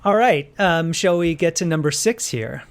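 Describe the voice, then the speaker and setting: A man's voice: on the high side, animated, moderate pace. A man talking about his own piano music in a casual podcast conversation, rambling with many fillers and restarts. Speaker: composer discussing his piano work.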